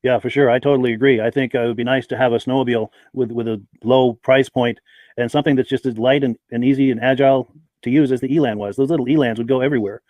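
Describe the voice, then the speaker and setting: A man's voice: mid-range voice, fairly even intonation, fast, a little mellow, dry recording. A man hosting a live podcast, chatting and reading out viewers' names and hometowns. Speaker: podcast host. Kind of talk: live-stream podcast chat.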